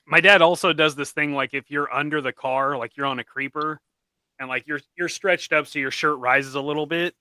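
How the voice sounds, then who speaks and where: A man streaming, telling profane, animated garage stories in casual chat. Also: a little high, normal speed, long pauses, clean tone, no echo.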